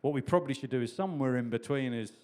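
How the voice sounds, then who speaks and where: A man's voice: mid-range voice, racing, a little mellow. A man preaching a sermon in a chatty, humorous way, repeating key phrases for emphasis. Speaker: pastor.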